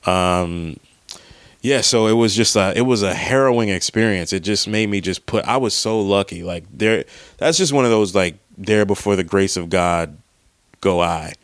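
A comedian telling a rambling, profane story about a stressful drive in casual monologue. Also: male voice, low-pitched, normal speed, dry recording, studio quality. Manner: profane, rambling, animated retelling.

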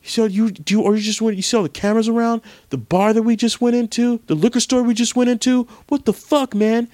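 A man voicing an angry, foul-mouthed white supremacist man who hectors a friend in a high, strained voice. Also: fairly even intonation, fast, no room sound, clean studio sound. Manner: shouting, profane, hectoring.

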